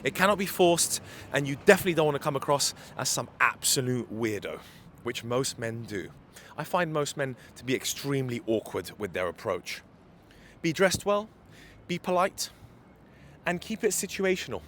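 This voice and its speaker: A man's voice: mid-range voice, sing-song, moderate pace, fairly bright tone, a little hiss or hum. A man giving dating advice as a coach in a walking vlog, filmed on a handheld phone outdoors, emphatic and repeating his key points. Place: city street outdoors.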